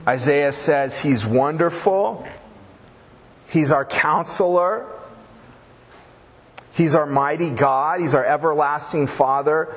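A man's voice: on the high side, slow pace, big-room sound. A man preaching a sermon as pastor, conversational and folksy, with humorous asides to the congregation.

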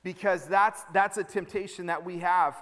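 Male pastor, high-pitched, chatty and humorous from the pulpit, church hall echo. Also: fairly even intonation, moderate pace, fairly bright tone. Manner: conversational, jokey preaching with acted-out asides. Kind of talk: sermon.

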